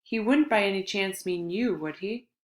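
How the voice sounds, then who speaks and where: A woman's voice: mid-range voice, expressive, normal speed, natural voice. A woman reader voicing a teenage senior boy waking a younger student, offhand and teasing. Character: teenage boarding-school senior, casual and blunt.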